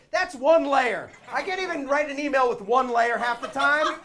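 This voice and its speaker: A young man doing live stand-up storytelling on a theater stage, dropping to quiet asides and then breaking into shouted, laughing excitement. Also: extremely high pitch, normal speed, few pauses. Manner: laughs while talking. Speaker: stand-up comedian.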